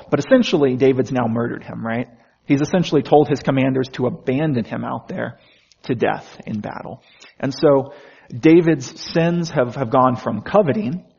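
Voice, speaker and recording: A male pastor delivers a sermon in a relaxed, talky manner, slipping into quick voiced asides for the figures in his story. His voice is somewhat husky, and the recording sounds dull and lo-fi. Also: mid-range voice. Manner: conversational preaching, acts out biblical speakers in quoted asides.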